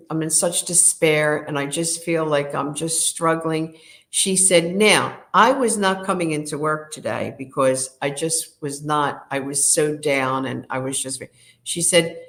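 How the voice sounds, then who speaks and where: Brief: woman in her fifties, lower pitch, candid storyteller, filler-heavy. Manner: frank, animated storytelling with many fillers. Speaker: interview guest, speaker.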